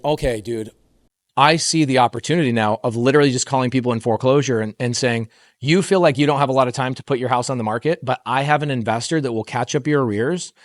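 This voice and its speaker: A man's voice: medium pitch, no room sound. A middle-aged man giving a motivational talk at a real estate summit, telling stories with acted-out dialogue and asking the audience questions. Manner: animated storyteller, acting out quoted dialogue, quizzing the crowd.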